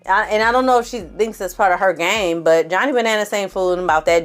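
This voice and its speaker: A woman casually recapping a reality TV episode in an animated, sassy way, with slangy asides and acted-out quotes. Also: medium pitch, fairly quick, few pauses, soft background music.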